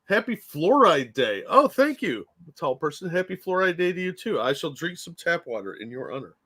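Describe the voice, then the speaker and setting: Man, higher bright voice, animated, mocking, crude ranting co-host. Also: a little fast. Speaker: podcast co-host. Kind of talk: casual political commentary chat.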